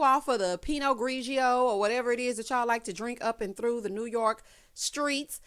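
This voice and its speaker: A woman hosting a casual recap of a reality show, sassy and animated, often calling viewers honey. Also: a little high, normal speed, clean tone.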